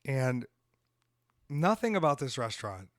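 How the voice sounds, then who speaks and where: Animated Southern man telling a story, dry mic. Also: medium pitch, unhurried, no room sound. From American South. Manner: animated, swearing, acts out voices in quotes. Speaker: podcast host. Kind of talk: casual storytelling.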